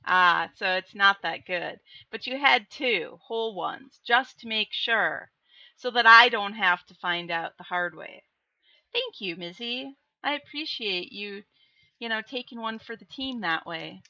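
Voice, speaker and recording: A woman's voice: medium pitch, expressive, sharp tone, no room sound, highs cut off. A woman with a Minnesotan accent, chatting casually on a live stream, reading chat messages aloud in a playful, teasing way. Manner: playful, teasing, drawn-out delivery.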